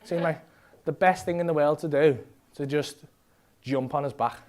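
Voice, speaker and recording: A man with a Liverpool accent doing stand-up in a comedy club, telling a story in an animated, sweary way and acting out other people's lines. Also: a little high, moderate pace, a crowd in the background.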